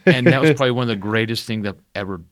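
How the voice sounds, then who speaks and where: A man who works as a haunted house actor, a podcast guest telling quick, rambling stories in casual chat. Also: mid-range voice, expressive, no echo, studio quality.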